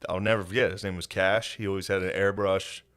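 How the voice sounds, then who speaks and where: A man co-hosting a comedy podcast, telling profane stories and acting out the people in them in shrill voices. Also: fairly even intonation, brisk, fairly bright tone, clean tone. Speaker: podcast co-host. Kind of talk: casual comedic chat.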